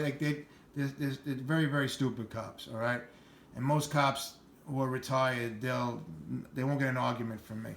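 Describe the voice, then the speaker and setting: A man's voice: mid-range voice, flat delivery, brisk, a bit bright. A middle-aged man with a New York accent talking bluntly and rambling in a casual vlog. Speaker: channel host.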